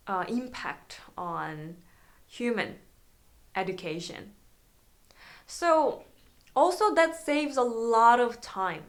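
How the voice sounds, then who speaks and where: A woman violin teacher, chatting through a casual video lesson, halting, with many fillers and restarts. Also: medium pitch.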